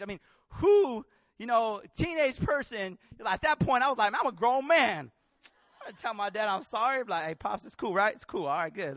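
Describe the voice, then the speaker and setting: A high-pitched young man preaches a sermon in a close, dry sound. He acts out the people in his story, dropping to near whispers and then rising to shouts. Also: no room sound. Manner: swings from hushed to loud, acts out voices.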